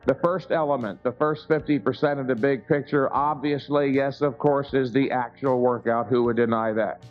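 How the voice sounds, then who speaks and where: A man's voice: medium pitch, steady tone, normal speed. A man giving a live seminar lecture to an audience, emphatic and full of rhetorical questions, recorded on a lo-fi tape of a seminar room. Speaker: seminar speaker. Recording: dull lo-fi 1990s seminar tape with faint music.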